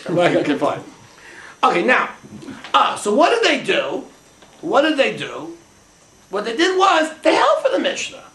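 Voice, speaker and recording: A man's voice: extremely high pitch, huge pitch swings, a little slow, long pauses, a bit bright, echoey room. A man teaching a Talmudic class, thinking aloud in Yeshivish English full of Hebrew and Aramaic terms. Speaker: Torah teacher. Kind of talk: Talmudic lecture to a small class.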